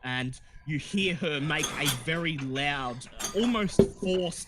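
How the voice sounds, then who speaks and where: A man's voice: on the high side, measured pace, hardly any pauses, noisy background. A man narrating a tabletop horror game as game master, in a descriptive, wry way.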